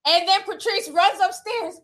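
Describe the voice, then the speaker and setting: Sassy, high-voiced woman dishing gossip. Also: normal speed, a bit bright. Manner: sassy, slangy, laughing asides. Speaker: commentator, channel host. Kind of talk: casual gossip commentary.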